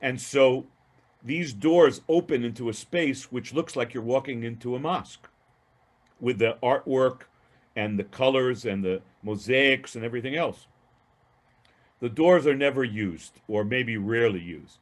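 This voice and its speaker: A man giving a storytelling lecture on a video call, speaking in an animated, emphatic way with frequent restarts. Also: medium pitch, measured pace. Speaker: guest lecturer.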